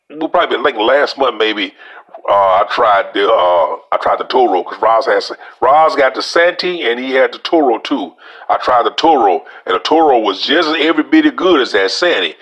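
Louisiana man, folksy cigar reviewer, mid-pitched voice, chatty vlog delivery. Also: a bit bright. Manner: folksy, talks straight to viewers as y'all.

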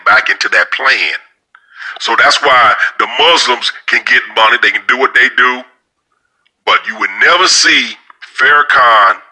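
A man's voice: medium pitch, pushed and bright, rough recording. A man telling a rambling story in a casual monologue, repeating words and speaking frankly and profanely. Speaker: storyteller sharing opinions.

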